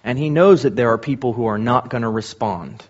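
A man's voice: medium pitch, a little fast, dull audio. A man preaching a sermon, reading scripture aloud and then explaining it with rising emphasis.

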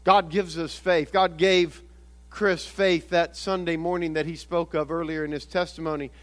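A male pastor delivers a sermon in a noticeably high-pitched voice. He explains scripture earnestly, often stopping to restate and correct himself as he works through an idea. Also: little pitch movement, moderate pace, a bit bright.

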